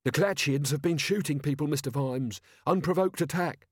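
A jittery street rioter trying to sound defiant, as a male narrator puts him on, his voice pushed up high and louder. He falters and blusters. The sound is dry. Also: moderate pace, no room sound, lightly acted. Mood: blustering.

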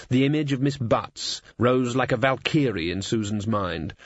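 A male audiobook narrator with a mid-pitched voice that rises and falls lively across each sentence. He reads in a measured, expressive way, and the recording is dry with a slightly dull top end. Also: no room sound. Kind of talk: scripted narration.

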